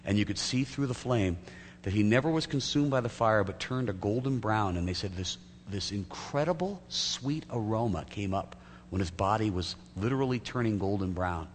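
A faint hum and hall echo mark this recording from a church sanctuary, where a pastor preaches and acts out scenes from a vividly told story. His voice sits on the low side, animated and at a moderate pace.

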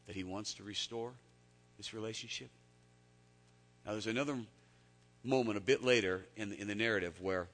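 A man preaching a sermon, telling stories that swing from hushed, intimate lines up to loud, emphatic peaks. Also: sits low, long reverb tail. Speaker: pastor.

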